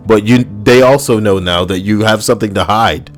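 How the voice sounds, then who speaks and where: Very low-voiced crude joking man. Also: a little fast, soft background music. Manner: crude, rambling, sardonic. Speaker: video host. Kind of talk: casual comedic chat.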